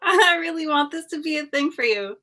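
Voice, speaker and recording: Podcast guest, woman, bright voice a bit high, giggly and self-deprecating. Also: lively intonation, fairly quick. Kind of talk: casual podcast chat.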